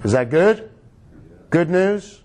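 A man's voice: sits high, expressive, slow pace, a little mellow. A man pastor preaching a sermon, emphatic and drawing his congregation into call-and-response.

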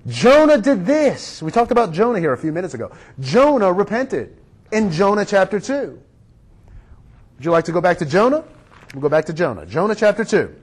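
A man's voice: high-pitched, big pitch swings, fairly quick. A man pastor preaching a sermon, emphatic and drawing his congregation into call-and-response.

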